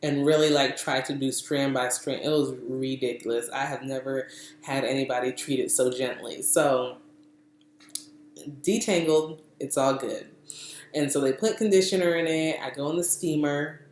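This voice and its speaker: Young woman vlogger, low voice, lively chatty storytelling, roomy echo. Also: normal speed, slight background noise. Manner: chatty, animated, laughs often, acts out quotes. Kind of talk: casual storytelling vlog.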